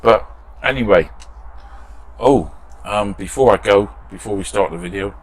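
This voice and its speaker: A British man hosts a model restoration channel, chatting casually from his shed workshop and reading viewer comments aloud with self-deprecating humour. His voice is lowish and a little slow.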